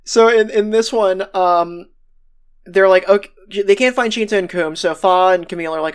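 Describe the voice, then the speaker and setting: A podcast co-host chatting loosely about a favorite anime episode. The talk rambles, doubles back on itself and is casually profane, at a middle, unremarkable pitch. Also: moderate pace, clean tone. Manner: rambling, retells scenes with swearing and laughter.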